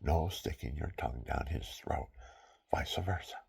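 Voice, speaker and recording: Gravelly, low-voiced old man rambling. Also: unhurried, darkish tone. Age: 70s. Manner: rambling and digressive, chuckling at his own asides. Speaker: veteran speaking his mind. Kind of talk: rambling casual monologue.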